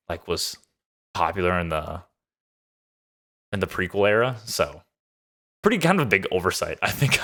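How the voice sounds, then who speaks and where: A man with a lowish, fairly bright voice casually recaps and reviews a TV episode. He's upbeat and enthusiastic, rambling loosely with lots of fillers.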